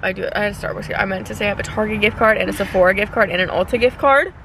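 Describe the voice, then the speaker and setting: A woman's voice: mid-range voice, racing, gravelly, a crowd in the background. A woman in her twenties chatting casually to the camera in a vlog, rambling and laughing often. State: out of breath. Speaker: lifestyle vlogger.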